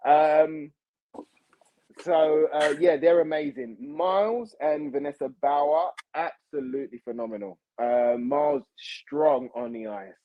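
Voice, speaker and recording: Man, lively chatty podcast guest, fairly high voice, dull lo-fi sound. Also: a little slow, a little hiss or hum. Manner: animated, chatty, says "mate" and "bro". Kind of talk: casual chat.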